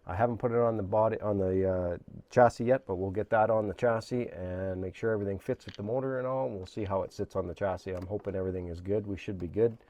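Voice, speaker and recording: A man hosting a hobby channel, explaining a model build in a casual, rambling way with lots of fillers, his voice a little hoarse. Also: lowish voice, fairly even intonation, fast talker, mellow. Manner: rambling, many fillers and restarts. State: slightly hoarse, losing his voice. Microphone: camera mic, at times handheld camera.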